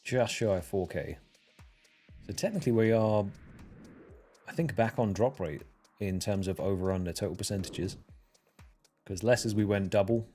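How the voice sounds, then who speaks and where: A man's voice: on the low side, animated, moderate pace, long pauses, dark tone, faint music behind. A man streaming a game, chatting casually and answering his chat while he plays.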